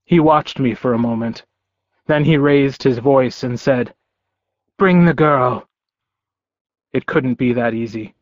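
A man narrating a story in first person with a measured, calm delivery. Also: medium pitch, dry recording, lo-fi sound. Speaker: audiobook narrator.

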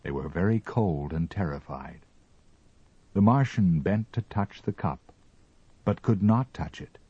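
A man narrating a story as an audiobook reading, with expressive, measured storytelling. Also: deep voice, breathy edge, no room sound, muffled recording.

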